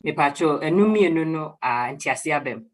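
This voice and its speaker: A Ghanaian woman speaks on a radio program in a low, slightly husky voice. She switches between English and Twi and gently calls her listener "dear" as she explains. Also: lively intonation, moderate pace. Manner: mixes English and Twi, warm address with "dear". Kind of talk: explaining on a call-in radio talk.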